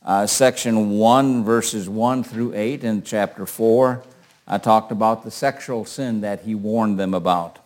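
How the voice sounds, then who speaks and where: A man's voice: fairly low pitch, unhurried, darkish tone. An older man teaching a Bible class in a conversational way, asking questions and calling on readers.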